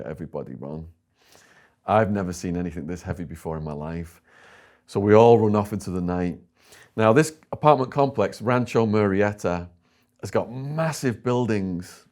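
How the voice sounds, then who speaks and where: A man with an English accent, an interview guest telling a story and acting out what others said. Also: lowish voice. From England. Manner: animated storyteller voicing other people in quotes.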